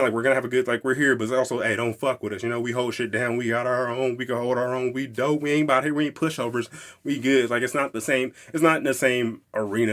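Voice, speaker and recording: A young man hosting a casual music podcast, rambling excitedly, swearing freely and laughing as he talks. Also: medium pitch. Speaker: podcast host.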